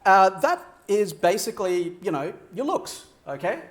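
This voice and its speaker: Animated man speaking in an echoey hall. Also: unhurried. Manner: animated, varies pitch and pace for effect, laughs often. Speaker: keynote speaker. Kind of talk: keynote speech. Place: large venue with audience.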